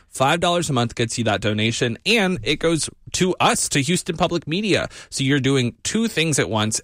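A man's voice: medium pitch, a bit bright, no room sound. Radio pledge drive guy, upbeat, keeps repeating himself, dry close studio sound. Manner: upbeat, repeats key points. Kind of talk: fundraising appeal. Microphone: studio mic.

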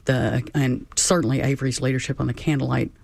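A guest on a talk show speaking haltingly, repeating words and using many fillers. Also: medium pitch, fairly even intonation, creaky, a little mellow, no echo.

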